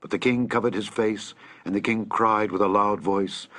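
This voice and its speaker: Male scripture reader, measured, solemn, low voice, husky, dry. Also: fairly even intonation, fairly bright tone, no echo.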